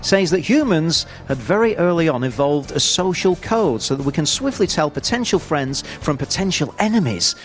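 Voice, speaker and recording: A man's voice: a little high, very animated, normal speed, hardly any pauses, slight background noise. A man co-hosting a radio show, explaining news stories in an easygoing way. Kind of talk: casual radio banter.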